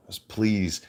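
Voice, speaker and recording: A man ranting in a heated, profane way into a handheld phone on a livestream. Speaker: veteran livestreamer. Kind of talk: angry livestream rant.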